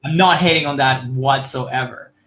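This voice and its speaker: A man's voice: medium pitch, normal speed, bright, forceful tone, poor audio. A man co-hosting a podcast in loose casual chat, laughing easily and swearing freely, speaking English as a second language. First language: not English. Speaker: podcast co-host.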